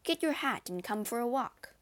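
Woman doing a worried loyal gentleman friend, earnest and concerned, storybook reading. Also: very high-pitched, expressive, normal speed, no room sound, voice pushed up.

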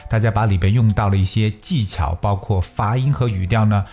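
A man teaching an English lesson, reading sentences aloud slowly, repeating and spelling words letter by letter, and stressing key words to show intonation. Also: lowish voice, mellow, faint music behind.

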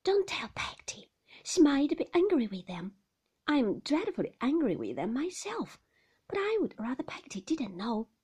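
A woman's voice: high-pitched, wildly swooping pitch, moderate pace, darkish tone, voice pushed up. A woman whispering as a shy young mother. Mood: coy, playful. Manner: playful, bashful protesting. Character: young gentle laughing mother, girlish and shy.

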